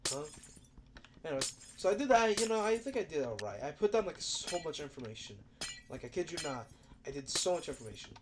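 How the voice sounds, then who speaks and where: A stuffy-nosed voice chats loosely over a game, rambling from one thought to the next and leaning on fillers. The voice sits at an ordinary middle pitch. Loud keyboard clatter and mouse clicks carry clearly under the talk, picked up by a desk mic. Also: big pitch swings, a little fast, noisy background. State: stuffy nose. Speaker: gaming video creator. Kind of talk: casual commentary over gameplay.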